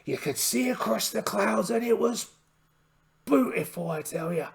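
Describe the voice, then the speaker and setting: A man's voice: high-pitched, lively intonation, a little slow, vocal fry, heavily acted. A man voicing a polite, boastful one-eyed pirate captain in a solo tabletop game, theatrical and full of exclamations. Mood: hearty. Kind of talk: in-character solo game narration.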